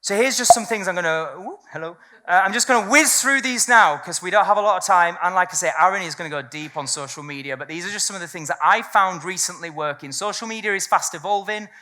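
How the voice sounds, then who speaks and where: A woman's voice: fairly low pitch, sharp tone. A woman giving a live business talk to a room, blunt and candid and swearing freely. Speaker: seminar speaker. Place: event room with a live audience.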